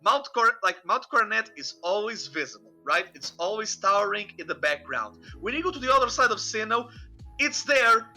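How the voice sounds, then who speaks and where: With a high, bright and forceful voice, this podcast host rambles through casual chat at a moderate pace, sounding animated. He says "you know" a lot and keeps restarting with fillers, while faint music sits in the background.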